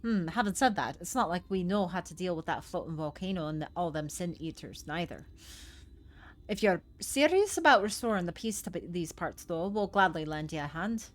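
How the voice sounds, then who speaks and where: A woman voicing a gruff, wary male dwarf chief in a put-on Scottish accent, read aloud over a game. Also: lowish voice, animated, a little fast, lightly acted. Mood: hearty. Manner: hearty, folksy, brogue-heavy.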